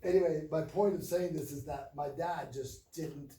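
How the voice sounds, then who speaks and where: A man's voice: fairly high pitch, normal speed, crowd noise. Middle-aged male trainer, rambling storyteller, roomy echo, mic set far back. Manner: rambling, self-correcting, animated when telling stories. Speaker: training speaker. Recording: roomy distant mic, faint ambience.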